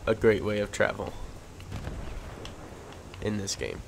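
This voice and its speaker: A man commentating his own online shooter match, swearing constantly and quick to rage. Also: lowish voice, animated, vocal fry. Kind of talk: casual gameplay commentary. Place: at home in front of a big TV. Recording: loud game gunfire and vehicle noise behind.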